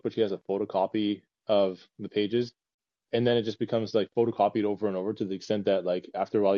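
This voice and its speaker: Low-pitched man, mellow tone, rambling casual chat, dry dull lo-fi recording. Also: no room sound. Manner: rambling, many fillers and restarts. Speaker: podcast co-host.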